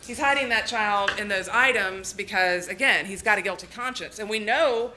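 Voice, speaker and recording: A woman's voice: medium pitch, moderate pace, sharp tone, roomy sound. A woman prosecutor giving a closing argument to a jury, persuasive and emphatic. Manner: persuasive, emphatic, quoting the defendant. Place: courtroom.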